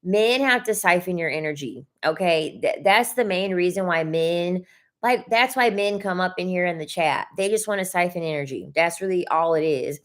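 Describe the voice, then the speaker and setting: A woman's voice: fairly low pitch, moderate pace. Blunt, cussing young woman streamer. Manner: blunt, profane, repeats points for emphasis. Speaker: livestream host reading chat. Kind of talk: casual livestream chat.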